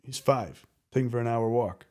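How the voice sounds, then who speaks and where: A man speaking as a podcast guest, telling candid personal stories in an animated, rambling way, often restarting his sentences. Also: medium pitch, moderate pace. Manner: animated, rambling, self-interrupting. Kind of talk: candid conversational storytelling.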